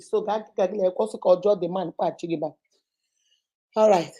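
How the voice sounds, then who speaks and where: Hosting a relaxed live advice session, a Nigerian woman with a mellow, medium-pitched voice chats animatedly. She often laughs while acting out phone calls.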